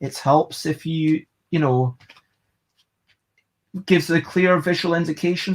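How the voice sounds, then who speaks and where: A board game reviewer, giving a casual, rambling video review and thinking aloud. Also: mid-range voice.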